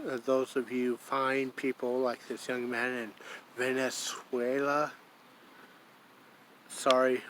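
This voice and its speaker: A man from Iowa, vlogging casually outdoors, rambling slowly and calling himself by his own name in the third person. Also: mid-range voice, a bit bright, slight background noise. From Iowa, USA. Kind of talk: casual vlog to camera.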